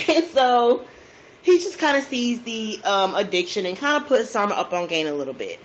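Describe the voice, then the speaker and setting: A woman's voice: medium pitch, big pitch swings, lo-fi sound, a little hiss or hum. Chatty woman spinning a true crime tale. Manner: chatty and slangy, with drawn-out asides. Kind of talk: casual true crime storytelling over a food video.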